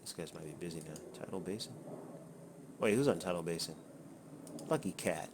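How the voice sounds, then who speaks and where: A man's voice: low-pitched, expressive, normal speed, creaky. A man giving casual, rambling commentary while he plays, chuckling and swearing freely. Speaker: gameplay commentator. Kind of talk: casual running commentary over gameplay. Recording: noticeable background noise.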